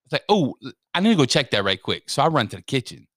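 A man's voice: medium pitch, fast, no room sound, studio quality. A man telling a funny story in casual chat, swearing and acting out what everyone said. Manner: animated, swearing storyteller who acts out quotes.

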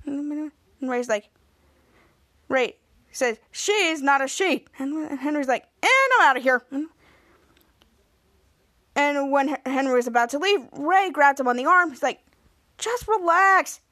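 High-voiced woman recapping a show. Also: a bit bright, no room sound, clean studio sound. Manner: retells scenes with many "and he's like" quotes. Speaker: podcast host. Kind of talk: casual episode recap.

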